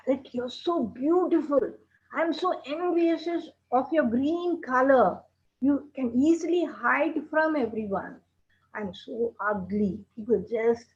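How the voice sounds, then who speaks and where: A sad, envious crow who thinks he is ugly, as a woman puts him on during a puppet story. The voice runs a little high and slow, with a plaintive, wistful lilt. The sound is dull and lo-fi. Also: a little mellow.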